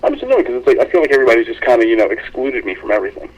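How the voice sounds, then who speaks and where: Young man, husky voice, casual podcast chat, animated storyteller, curses freely. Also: mid-range voice, rapid-fire, dull audio. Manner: animated storytelling, swearing and acting out quoted friends. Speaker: podcast co-host.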